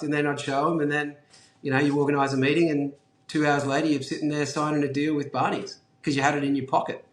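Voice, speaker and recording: A man's voice: on the high side, little pitch movement, fast. A man in his forties with an Australian accent, chatting casually as an interview guest, laid-back, swearing and full of fillers. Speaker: guest entrepreneur. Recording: roomy echo.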